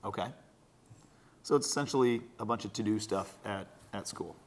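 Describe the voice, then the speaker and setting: A man in his thirties hosts a podcast and interviews his daughter in a casual, conversational way. He's chatty and easygoing, with loose fillers, and speaks at normal speed in a fairly low pitch.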